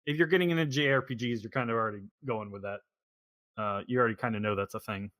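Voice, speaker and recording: A man's voice: mid-range voice, fast talker, a bit bright, dry recording. A man hosting a podcast in a casual chat, rambling and thinking aloud as he goes. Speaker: podcast host.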